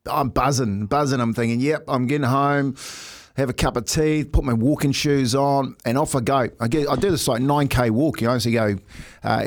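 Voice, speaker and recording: A man with a New Zealand accent co-hosting breakfast radio, telling a story with animated, laughing delivery. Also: medium pitch. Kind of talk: casual radio banter, storytelling.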